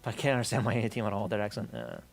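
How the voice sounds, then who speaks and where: A man streaming, telling a story in casual chat with an animated, profane manner, acting out the voices of the people he talks about. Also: fairly low pitch, very fast, vocal fry, faint music behind.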